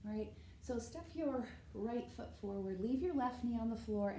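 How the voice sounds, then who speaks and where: A woman teaches a yoga class while doing the poses herself, slightly out of breath, with a very mellow, dark tone and a voice sitting a little high. She keeps checking in with "right?" as she cues each stretch. The room is echoey, with faint noise behind her. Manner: talks while demonstrating poses, often adds "right?". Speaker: yoga instructor. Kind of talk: guided yoga class instruction.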